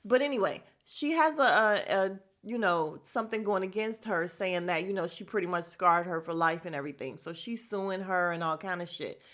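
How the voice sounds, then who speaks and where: A woman's voice: lowish voice, moderate pace, hardly any pauses, fairly bright tone. A young woman hosting a casual podcast, animatedly recapping a reality show, laughing, swearing and mimicking the cast. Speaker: podcast host.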